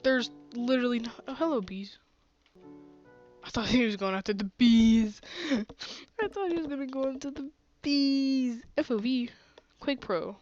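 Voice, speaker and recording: A fairly high-voiced woman with a sore throat chats slowly through her game stream, gasping and exclaiming often. The sound is dull and dry. Typing can be heard behind her. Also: a little mellow, faint music behind. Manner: chatty, gasps and exclaims often. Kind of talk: casual gaming commentary.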